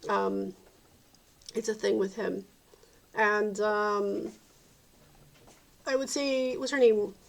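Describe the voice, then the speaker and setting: A woman's voice: mid-range voice, steady tone, takes it slowly, gravelly, pauses often. A woman from the South Jersey and Philadelphia area in a rambling, opinionated vlog monologue, often calling things dumb. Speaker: vlogger.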